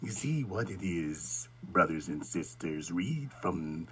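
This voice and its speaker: A man's voice: sits low, expressive, takes it slowly, a crowd in the background, voice pushed down. A man putting on the voice of a pompous male preacher addressing his flock. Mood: mocking. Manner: solemn mock-sermon.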